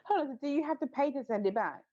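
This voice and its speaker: A woman's voice: high voice, expressive, fast, dark tone. A woman co-hosting a casual podcast chat, teasing her co-host and laughing easily. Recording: dull lo-fi podcast audio.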